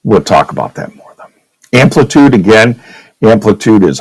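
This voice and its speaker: A man's voice: fairly low pitch, big pitch swings, normal speed, darkish tone, rough recording. A male teacher giving a casual classroom physics lecture at a whiteboard, often checking in with "okay?". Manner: casual, checks in with "okay?", demonstrates with his own voice.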